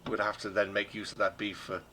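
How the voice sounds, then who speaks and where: A man's voice: fairly low pitch, little pitch movement, fast, a loud crowd. A man narrating as game master and voicing the innkeeper, rambling and full of ums. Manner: rambling, many ums and restarts.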